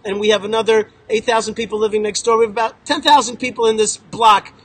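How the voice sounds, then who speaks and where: A man's voice: high voice, steady tone, quick pace, fairly bright tone, slightly rough, low-quality recording. A man speaking outdoors to a visiting group, telling stories with emphatic, joking, punchy repetition. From Israel. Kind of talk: animated storytelling talk to a group. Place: outdoors in a town.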